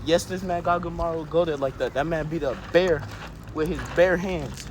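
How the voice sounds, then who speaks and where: A high-pitched man tells an improvised what-if story in a loose, joking way, tossing in playful insults and curses. Steady hiss sits under his voice throughout the recording. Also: normal speed. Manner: casual, swearing, playful trash talk. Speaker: co-host.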